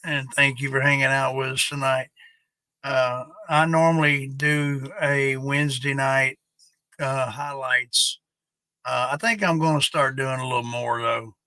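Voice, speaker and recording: A man's voice: mid-range voice, steady tone, sharp tone, no room sound. A man hosting a casual live stream, rambling and swearing freely as he chats with viewers. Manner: rambling, profane, drawn-out.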